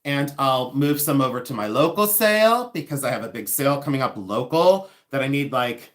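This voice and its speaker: A man's voice: mid-range voice, expressive, moderate pace. A man hosting a live jewelry unboxing stream, chatting casually and joking about himself. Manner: chatty, self-mocking, laughs often. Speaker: livestream host selling vintage jewelry.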